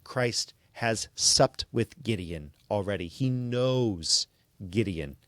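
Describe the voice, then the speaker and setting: A man's voice: lowish voice, animated, slow pace, dry recording. Earnest man preaching on a podcast. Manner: earnest, preaching, reads quotes aloud. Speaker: podcast host. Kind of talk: sermon-like commentary.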